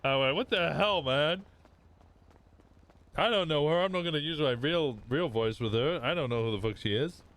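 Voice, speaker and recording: A man's voice: a little high, fast, few pauses, fairly bright tone, slight background noise. Rambling man telling a role-play story. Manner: rambling storytelling with laughs and restarts. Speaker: streamer playing a wanted character. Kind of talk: casual in-character role-play chat.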